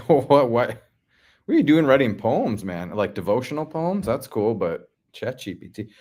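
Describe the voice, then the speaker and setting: A man's voice: mid-range voice, sing-song, measured pace, a little mellow. A man from the Midwest hosting a casual livestream, reading out chat comments and answering in a laid-back, slangy way.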